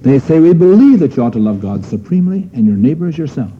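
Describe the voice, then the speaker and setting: A man's voice: a little high, sing-song, fast, breathy edge. A man preaching a sermon in an earnest manner, asking his listeners questions and pressing on key phrases. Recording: dull lo-fi sermon recording.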